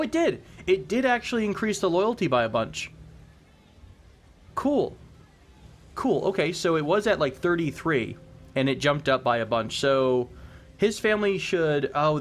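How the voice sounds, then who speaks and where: A man's voice: fairly high pitch, lively intonation, moderate pace. A man hosting a let's play, thinking aloud in a rambling way with frequent restarts, recorded at home on a sensitive desk microphone. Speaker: gaming channel host. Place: home room with air conditioner running. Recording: faint air conditioner hum. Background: faint air conditioner hum.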